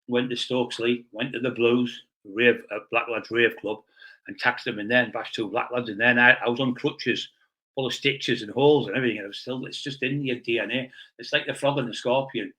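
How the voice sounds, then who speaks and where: A man as an interview guest, telling rough stories bluntly and swearing freely. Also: mid-range voice, steady tone, brisk, pushed and bright, low-quality recording. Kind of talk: blunt storytelling in a casual interview.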